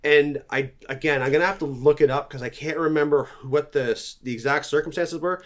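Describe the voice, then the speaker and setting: A man's voice: fairly high pitch, steady tone, fairly quick. A man co-hosting a podcast, telling folklore tales in a chatty, casual way with rambling tangents. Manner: chatty, half-remembered tangents. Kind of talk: casual storytelling from notes.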